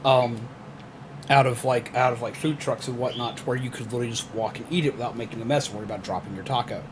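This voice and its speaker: A man's voice: mid-range voice, steady tone, fast talker, background noise. A young man playing a horror game and chatting casually, swearing and rambling with lots of fillers. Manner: laid-back, swears, loose filler-heavy storytelling. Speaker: gamer. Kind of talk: casual let's-play chat.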